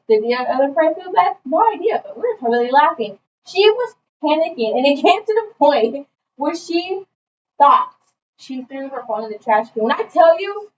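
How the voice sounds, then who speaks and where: A woman's voice: high voice, slight background noise. A young woman co-hosting a podcast, telling a college prank story and speaking directly to listeners. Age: young adult. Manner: animated, talks straight to listeners as "guys". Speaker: podcast co-host. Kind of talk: casual storytelling chat. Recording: echoey room, distant mic, dull lo-fi sound.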